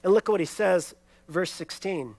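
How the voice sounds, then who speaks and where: A man preaching a sermon, telling a scripture story expressively and swinging between loud emphasis and hushed lines. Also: high voice, normal speed, dry recording. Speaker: pastor.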